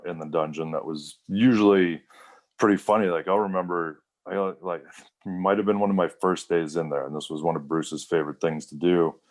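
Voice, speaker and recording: A man's voice: low voice, darkish tone. A man in his thirties, a wrestler guest, telling rambling stories in a casual interview, full of fillers and quoted voices.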